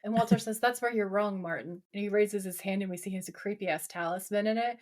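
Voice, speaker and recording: A woman's voice: mid-range voice, fast talker, darkish tone. A woman co-hosting a podcast, chatting casually as she retells a TV episode, quoting characters with plenty of swearing. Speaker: podcast co-host. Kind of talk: casual chat recapping a TV episode.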